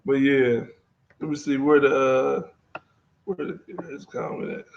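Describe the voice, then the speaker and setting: A man's voice: medium pitch, little pitch movement, a little slow, creaky, slight background noise. A man hosting a casual travel live stream, talking loosely with many fillers and reading viewer comments aloud. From Texas. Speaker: travel vlogger host. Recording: dull lo-fi live-stream audio.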